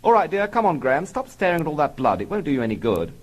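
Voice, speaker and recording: A man's voice: fairly high pitch, big pitch swings, fast talker, pitched above the performer's own voice. A man voicing a prim, genteel wartime mother who talks in a fussing, polite way.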